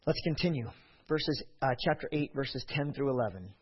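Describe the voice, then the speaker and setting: A man delivering a sermon with a husky, slightly raised voice that swings widely in pitch. He acts out the voices in the passages he reads. The recording sounds dull and lo-fi. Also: normal speed. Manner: expressive delivery, acting out voices in scripture. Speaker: preacher.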